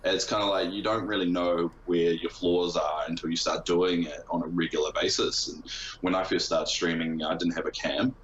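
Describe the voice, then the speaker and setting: Deep-voiced sarcastic man in a roomy mic. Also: fairly even intonation, moderate pace, a bit bright, a little hiss or hum. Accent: non-local accent, origin unstated. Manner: sarcastic, self-deprecating. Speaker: guest streamer. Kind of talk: casual podcast interview. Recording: roomy, dull lo-fi sound with faint ambience.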